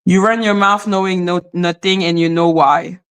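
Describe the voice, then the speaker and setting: A woman's voice: on the low side, steady tone, moderate pace, clear, resonant tone. A woman hosting a livestream, ranting bluntly at viewers in her chat and swearing freely. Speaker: livestream host reacting to chat. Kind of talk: casual livestream rant.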